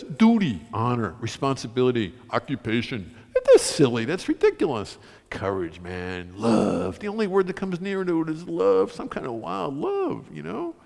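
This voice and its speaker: Animated male author in a reverberant hall. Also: sits high, brisk, creaky. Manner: animated, acts out quoted voices, ranting. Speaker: author giving a talk. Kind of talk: storytelling talk to an audience. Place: concert hall, school.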